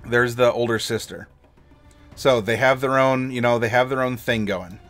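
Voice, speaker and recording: A man's voice: mid-range voice, steady tone, moderate pace, a bit bright, faint music behind. An American man, a game master and streamer, giving tabletop storytelling advice in an enthusiastic, demonstrative way. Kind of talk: livestream advice chat.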